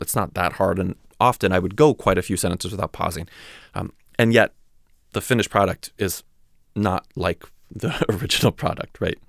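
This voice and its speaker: A man's voice: on the low side, vocal fry, no room sound, studio quality. A man hosting a podcast, talking casually and reflectively in a rambling, chatty way with many fillers and restarts. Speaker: podcast host.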